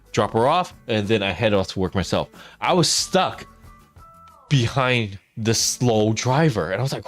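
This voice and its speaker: Animated man telling a story. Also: lowish voice. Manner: animated, laughs through his story. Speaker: streamer. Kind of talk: casual storytelling while gaming.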